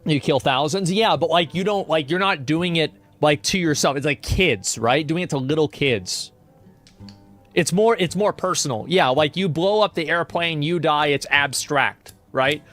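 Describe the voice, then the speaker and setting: A man's voice: on the high side, normal speed, fairly bright tone, faint music behind. A man in casual chat, talking earnestly and reasoning things through, with many fillers.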